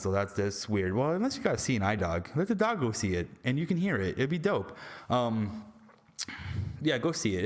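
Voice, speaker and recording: Male vlogger, lowish voice, slangy, jokey, rambles through a casual movie review. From Canada.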